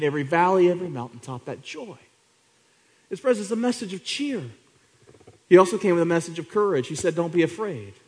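Preaching a sermon, a man swings between hushed and loud delivery, repeatedly putting rhetorical questions to the congregation. His voice is high-pitched.

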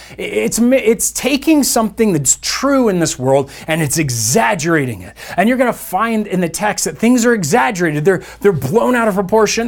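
A man's voice: high voice, creaky. A man preaching a sermon as pastor, in a conversational style with playful asides to his listeners. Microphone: church podcast mic.

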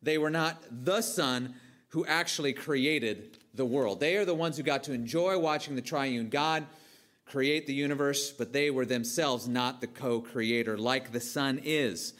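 A man's voice: mid-range voice, a little slow, fairly bright tone. A man preaching a sermon with emphasis, asking his listeners questions and answering them himself.

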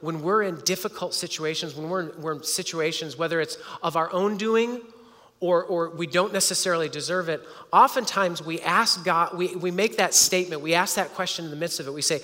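Man, pastor, conversational sermon, bright forceful voice, long hall echo. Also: fairly high pitch, normal speed. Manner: earnest, conversational preaching with frequent restarts.

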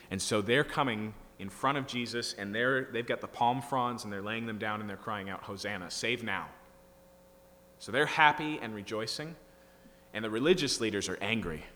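A pastor explaining scripture line by line, building to emphatic bursts. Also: male voice, lowish voice, sharp tone. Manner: teaching, rising to emphatic bursts. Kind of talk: expository sermon. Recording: reverberant hall with faint hum.

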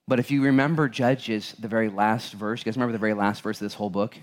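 Animated preaching man, mid-pitched. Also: fast. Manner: animated, conversational preaching with acted-out voices; addresses congregation directly with questions. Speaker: pastor. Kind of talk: sermon.

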